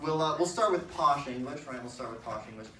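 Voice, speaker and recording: A young man performing a stand-up comedy set, chatty and playful, tossing in quick "right?" asides. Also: medium pitch, lively intonation, bright, forceful tone, a little hiss or hum. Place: comedy venue with live audience. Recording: echoey room, distant mic.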